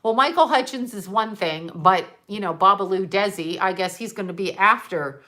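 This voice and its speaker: A woman's voice: medium pitch, moderate pace, pushed and bright. An older woman talking casually to her viewers, rambling from one topic to the next, laughing often and swearing freely while she scrolls through photos. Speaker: psychic vlogger.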